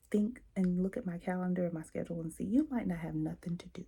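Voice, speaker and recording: Low-key woman coaching in a gravelly voice. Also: fairly even intonation, normal speed. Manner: coaching, acting out examples, asks listeners questions. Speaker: host and coach. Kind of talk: self-help talk. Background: quiet, late at night.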